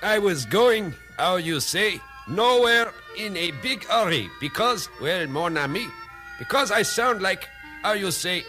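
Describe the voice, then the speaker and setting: Eager fake-French testimonial guy, male actor, bright tone, lively swoops. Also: a little high, exaggerated voice. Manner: proud, bouncy, fishes for words.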